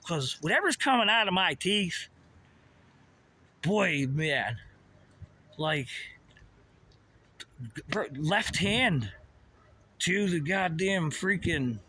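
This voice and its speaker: High, pushed, and bright, the man's voice carries over the traffic noise of a busy road where he's recording outdoors. The vlogger rambles through a profane monologue loaded with pseudo-technical talk.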